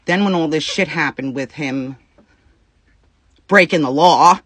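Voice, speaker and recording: A woman's voice: low voice, unhurried, dry recording. A woman venting to her viewers about a personal dispute, upset and near tears, swearing freely and talking in bursts. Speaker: vlogger. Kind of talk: casual venting to camera.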